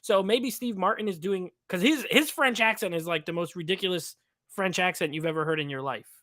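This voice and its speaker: A man's voice: sits high, fairly quick, bright, forceful tone, dry recording, clean studio sound. Chatty man rambling about movies. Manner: rambling, heavy use of "like". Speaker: podcast co-host. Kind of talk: casual movie review chat. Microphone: video call.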